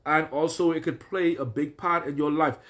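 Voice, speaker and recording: A man's voice: on the high side, steady tone, moderate pace, fairly bright tone. A man preaching a deliverance sermon as a prophet, listing troubles in repeated phrases and then commanding prayers. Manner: repetitive, declaring and commanding prayers.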